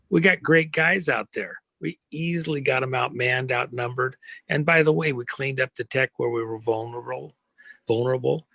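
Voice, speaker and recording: A man's voice: mid-range voice, vocal fry, a bit bright, dry recording. A man giving an impassioned interview, speaking emphatically with rhetorical questions and a preachy tone. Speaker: interview guest.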